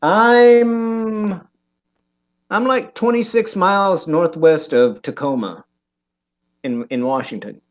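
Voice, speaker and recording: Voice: mid-range voice, takes it slowly, pauses often. A speaker with a Southeast Missouri accent chatting casually on a live stream, talkative and stumbling over restarts. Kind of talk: casual chat.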